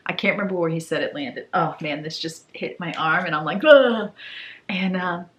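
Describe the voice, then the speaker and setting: A woman from tells a home story in a relaxed vlog. Her voice sits on the lower side for a woman. She slips into the voices of the people she quotes and sounds a little tired. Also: fairly quick. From Maine. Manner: animated storyteller who acts out quoted voices. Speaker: home declutter vlogger.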